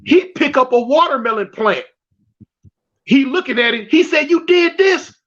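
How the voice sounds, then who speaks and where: A very high, slightly bright voice belongs to a South Central Los Angeles man telling a prison story as a guest. He's animated and moves at a moderate pace, using slang, restarting lines and acting out quotes, though the recording sounds dull and lo-fi.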